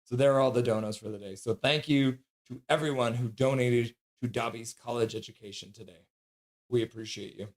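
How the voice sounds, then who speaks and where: A man's voice: mid-range voice, steady tone, brisk. A man hosting a live sports stream, casually reading out chat messages and donations while signing off. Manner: chatty, reads chat and donations aloud. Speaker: streamer host.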